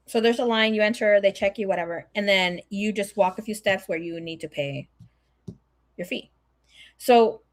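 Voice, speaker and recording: Swearing freely and voicing the people in it, a young adult woman tells a story with casual animation. She speaks at a fairly high pitch.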